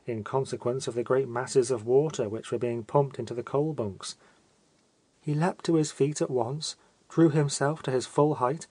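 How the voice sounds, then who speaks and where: A man giving a measured first-person narration of a story, as an audiobook reader. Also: medium pitch, darkish tone, no echo.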